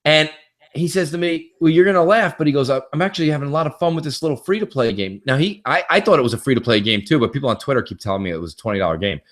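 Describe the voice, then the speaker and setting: Brief: male podcast co-host, lively and profane, a touch high-pitched. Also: rapid-fire. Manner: animated, profane, acts out quotes. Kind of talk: casual gaming chat.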